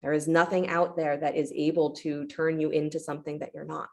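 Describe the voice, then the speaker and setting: A woman leads a yoga class in a low voice with a gravelly edge. She gives calm, encouraging short cues. She also slips into reflective storytelling about letting go. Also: brisk. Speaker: yoga teacher. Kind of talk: guided yoga class instruction.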